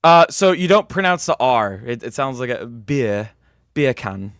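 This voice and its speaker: Wired, giggly man with a lively voice. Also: medium pitch, normal speed, clean tone, no room sound, studio quality. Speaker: stream co-host. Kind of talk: casual livestream chat.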